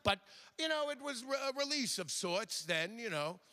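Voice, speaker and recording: An older man doing a stand-up routine on a theater stage, animated and slipping into quick impressions of other people. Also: very high-pitched. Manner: animated, mimics characters in quick asides. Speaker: stand-up comedian. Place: theater stage before a live audience.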